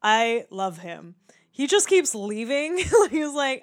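Animated young woman chatting about a movie. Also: fairly high pitch, slow pace. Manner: animated, laughs often, acts out quotes. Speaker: podcast co-host. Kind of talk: casual movie-review chat.

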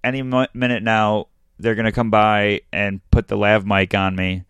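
A man's voice: fairly low pitch, little pitch movement, moderate pace, a bit bright, clean tone, no room sound. A young man, a comedian and podcast co-host, telling a rambling, self-mocking story in casual chat and laughing often.

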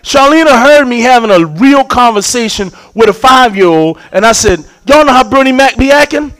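A preacher in his forties tells a story from the pulpit in a high, lively voice that swoops up and down. He acts out each scene and repeats words when he gets worked up. The sound is dry and close. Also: normal speed, hardly any pauses, no room sound, low-quality recording. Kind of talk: storytelling sermon.

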